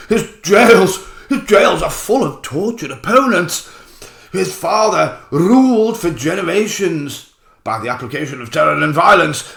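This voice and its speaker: A man doing a booming posh politician. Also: creaky, exaggerated voice. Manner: loud, blustering, booming. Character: pompous posh male politician, blustering. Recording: roomy echo.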